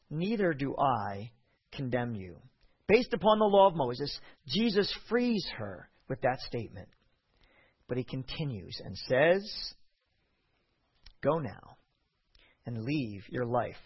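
A man delivering a sermon with a husky, slightly raised voice that swings widely in pitch. He acts out the voices in the passages he reads. The recording sounds dull and lo-fi. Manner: expressive delivery, acting out voices in scripture. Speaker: preacher.

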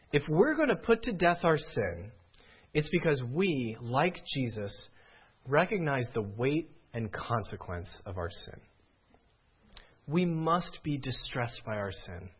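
Husky-voiced man preaching with lively pitch. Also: highs cut off. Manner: earnest preaching, rising to pleading cries. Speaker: pastor. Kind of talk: sermon.

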